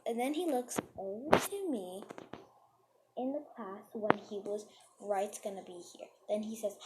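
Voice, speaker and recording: A woman's voice: medium pitch, a little slow. A young female voice telling a casual story in a rambling way, with many fillers and restarts. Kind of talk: casual storytime while gaming. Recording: noisy home recording with clicks.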